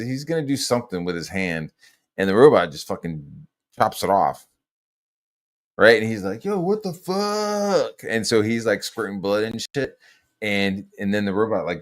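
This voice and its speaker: A man with a somewhat low voice talks in a loose, casual podcast chat. He rambles through his stories, swears freely and fills his pauses with ums and likes. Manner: rambling, profane storytelling with many fillers. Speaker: podcast host.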